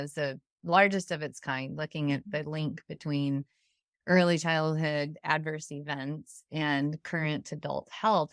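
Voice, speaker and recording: A woman's voice: low voice, no room sound, clean studio sound. A middle-aged woman hosting a podcast, explaining in an earnest, conversational way. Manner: earnest, explanatory, frequent "you know". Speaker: podcast host. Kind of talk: conversational interview.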